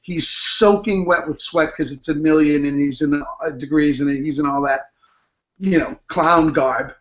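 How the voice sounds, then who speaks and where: Middle-aged male actor guest, high bright voice, animated anecdote teller, lo-fi video call. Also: normal speed. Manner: animated storyteller, acts out quotes, laughs often. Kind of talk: casual interview chat. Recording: dull lo-fi video call audio.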